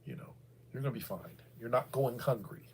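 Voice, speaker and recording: This livestream host is a middle-aged American man whose voice is described as bald. He talks animatedly and a little fast in a darkish mid-range tone, meandering casually with lots of fillers and restarts, and there's a slight hiss or hum in the audio.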